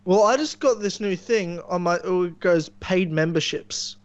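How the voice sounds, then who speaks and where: Male podcast guest, high voice, joking and hesitant, dull lo-fi audio. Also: normal speed. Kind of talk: casual chat.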